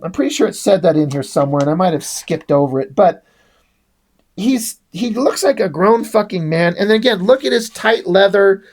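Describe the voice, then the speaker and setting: A man's voice: sits high, darkish tone. Sarcastic, cursing man reviewing comics. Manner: sarcastic, profane, rambling. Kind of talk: casual comic book review.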